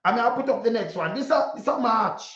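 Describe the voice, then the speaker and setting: A Jamaican man giving impassioned political commentary in patois, preachy and repetitive, sometimes breaking into a shout. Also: very high voice, fast talker. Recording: roomy, dull lo-fi sound.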